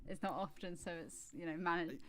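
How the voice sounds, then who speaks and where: A woman's voice: on the low side, a little fast. A young woman co-hosting a live football stream, chatting casually, laughing and asking naive questions. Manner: giggly, asks naive questions. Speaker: co-host guest.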